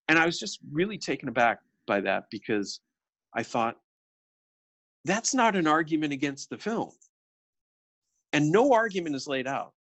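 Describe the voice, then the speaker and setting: A middle-aged man co-hosting a film podcast, talking in a casual, animated way with many restarts and quoted asides. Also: mid-range voice, moderate pace, pauses often, dry recording. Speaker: podcast co-host.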